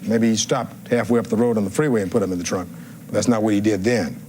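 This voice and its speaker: A defense attorney with a lowish, mellow voice delivers a courtroom closing argument fast, reading testimony aloud and firing rhetorical questions at the jury. A little hiss or hum is audible.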